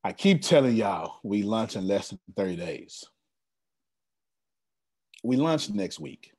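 A man's voice: on the low side, slow pace. A man hosting an online team meeting, talking in a casual, slangy and teasing way, repeating himself for emphasis. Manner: animated, slangy, teasing and repetitive. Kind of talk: casual motivational team call.

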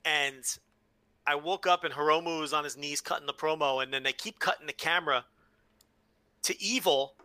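A man co-hosting a podcast, retelling events excitedly and swearing freely. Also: on the high side, moderate pace, dry recording. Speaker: podcast co-host. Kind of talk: casual chat.

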